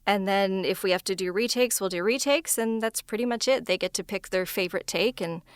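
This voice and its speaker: Chatty woman with a smooth, dry voice. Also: a little fast, no echo. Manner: chatty, laughs often between thoughts; self-described higher-pitched voice. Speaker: voice actor guest. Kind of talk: casual interview chat.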